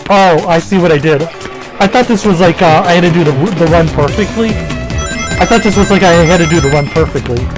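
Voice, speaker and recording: A man's voice: on the high side, brisk, music in the background. A man giving casual, rambling gameplay commentary, full of fillers, restarts and the odd swear word. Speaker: gaming commentator.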